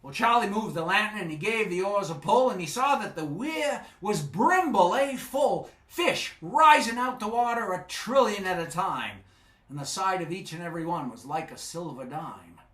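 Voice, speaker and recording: A man reciting a storytelling poem on a festival stage with a rhythmic, animated delivery. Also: high-pitched, moderate pace. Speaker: poetry reciter. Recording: echoey live stage.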